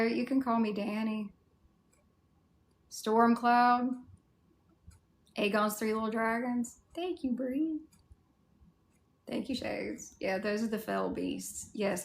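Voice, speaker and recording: A woman's voice: mid-range voice, steady tone, unhurried, gravelly, pauses often. A woman with a Southern US accent chatting casually on a livestream, answering viewer comments in a candid way with mild swearing. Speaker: cosplay livestreamer.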